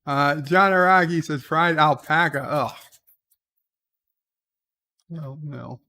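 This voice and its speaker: A man's voice: fairly high pitch, takes it slowly, sharp tone. A man hosting a casual livestream, reading viewer comments aloud and answering them wryly, with lots of "uh" between lines. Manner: reads comments aloud and replies wryly, with many "uh"s. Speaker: livestream host reading chat.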